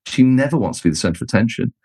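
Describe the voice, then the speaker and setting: A man's voice: racing, husky, no echo. A middle-aged man telling stories as a guest, acting out the people he quotes. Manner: expressive, acts out quoted people with jumps in pitch. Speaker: guest, leadership author and speaker. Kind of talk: animated storytelling in conversation.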